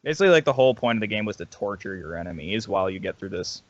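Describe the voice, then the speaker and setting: A man on a casual podcast call, describing things in a rambling, animated way. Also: lowish voice, racing, no room sound. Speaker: podcast guest. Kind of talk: casual group podcast chat. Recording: dry, dull lo-fi call audio.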